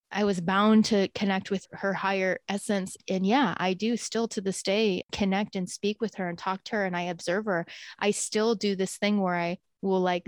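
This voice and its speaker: A woman's voice: medium pitch, no room sound. A woman earnestly telling a heartfelt personal story in casual conversation.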